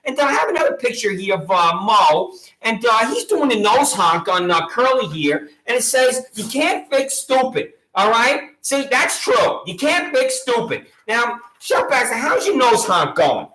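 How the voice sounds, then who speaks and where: A woman's voice: fairly high pitch, very animated, moderate pace, hardly any pauses, fairly bright tone. Sarcastic woman with a Long Island accent. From Long Island, New York. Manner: sarcastic, taunting, repetitive. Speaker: vlogger. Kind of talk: mocking direct-address rant. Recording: echoey room.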